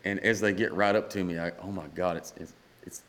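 A man's voice: deep voice, fairly even intonation, fast talker, a bit bright. A man, a guest singer-songwriter, telling a rambling story in a casual podcast chat and acting out the dialogue.

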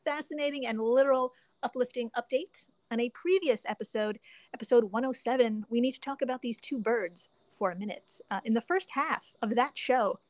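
Laughing, higher-voiced woman podcast host. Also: fairly quick, no echo. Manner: laughs often, swears casually, animated storytelling. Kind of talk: casual podcast chat.

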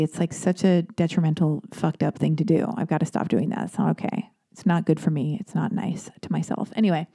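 Rambling, candid woman with a mellow voice. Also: sits low, fairly even intonation, quick pace, vocal fry, hardly any pauses. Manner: candid, self-deprecating, digressive, swears freely. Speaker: podcast host answering listener letters. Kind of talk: casual advice chat with rambling anecdotes.

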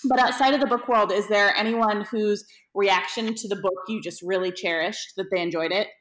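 A woman's voice: mid-range voice, steady tone, brisk, a bit bright, echoey room, low-quality recording. A woman co-hosting a podcast, chatting casually and laughing as she tells stories. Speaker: podcast co-host and author. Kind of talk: casual interview chat.

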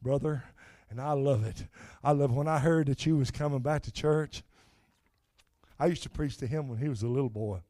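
An older man preaching a sermon, moving from soft, low talk to shouted, high-pitched preaching punctuated with "uh, amen". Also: moderate pace, dry recording, studio quality.

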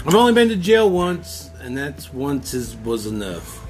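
A man's voice: mid-range voice, sing-song, unhurried, music in the background. A man chatting casually, swearing and laughing through his words. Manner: laid-back, profane, laughs while talking. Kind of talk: casual chat.

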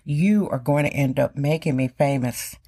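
A woman's voice: low voice, normal speed, warm tone, slightly rough. A middle-aged woman from Wisconsin hosting her own podcast, talking emphatically and repeating phrases for stress. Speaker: podcast host. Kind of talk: casual podcast monologue.

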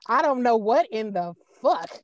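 High-voiced, fired-up woman co-host. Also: moderate pace, lo-fi sound. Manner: animated, blunt and profane, acts out her own reactions. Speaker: podcast co-host. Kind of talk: casual podcast chat.

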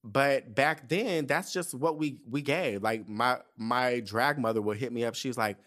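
A man, chatting on a podcast. He talks in a loose, profane, animated way at a middle pitch and slips into the voices of people he quotes. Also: measured pace. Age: 30s. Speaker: podcast host. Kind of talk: casual chat.

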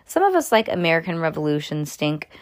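A woman voicing an excitable, bossy young girl who proclaims things dramatically while reading a storybook. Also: low-pitched, a little fast. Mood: excited. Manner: bouncy, proclaiming.

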